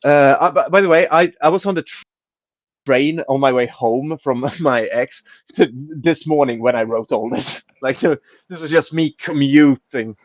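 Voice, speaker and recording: A man's voice: a little high, moderate pace, no room sound. Man, casual sweary chat, mocking, dry close sound. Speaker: podcast host. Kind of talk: casual chat, reading out tweets. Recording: dull lo-fi, dry.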